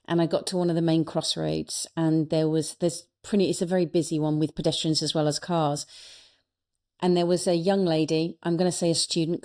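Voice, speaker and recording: Earnest low-voiced woman telling a story. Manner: warm, earnest storytelling with frequent restarts. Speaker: guest, speaker and coach. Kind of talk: reflective storytelling in a podcast interview.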